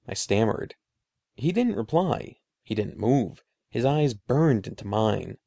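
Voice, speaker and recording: Man, storybook narrator, suspenseful, expressive, gravelly voice, lively intonation. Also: on the low side, slow, dry recording, clean studio sound. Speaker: audiobook narrator.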